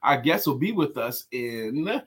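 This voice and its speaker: A man hosting a casual livestream chat, animated and emphatic, repeating his key phrases. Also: medium pitch, a little slow, husky. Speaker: show host and sales coach.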